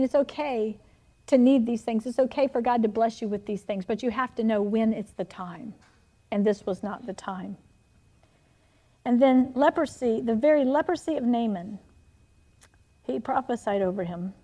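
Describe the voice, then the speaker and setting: A middle-aged woman preaching a sermon, telling animated personal stories with frequent laughter. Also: fairly high pitch.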